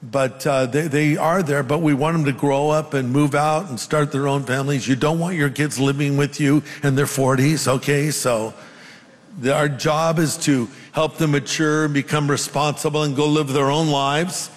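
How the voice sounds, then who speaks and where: Older man, pastor, earnest sermon delivery, slightly high pitch, echoing hall. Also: fairly even intonation, normal speed. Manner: earnest, conversational preaching with asides. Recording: long hall reverb.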